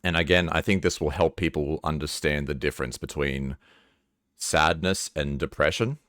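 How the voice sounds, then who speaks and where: A man's voice: rumbling low, fairly even intonation, moderate pace, fairly bright tone, smooth, no room sound, studio quality. A man talking earnestly and casually to camera about a personal topic, swearing now and then. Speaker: vlogger. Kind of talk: candid personal talk to camera.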